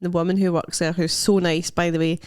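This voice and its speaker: A woman with a Glasgow Scottish accent, co-hosting a podcast in casual chat and acting out the people in her story with lively quotes. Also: brisk, smooth, no echo, clean studio sound. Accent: Scottish, Glasgow area. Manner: animated storyteller, acts out quotes in a higher voice, laughs often. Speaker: podcast co-host.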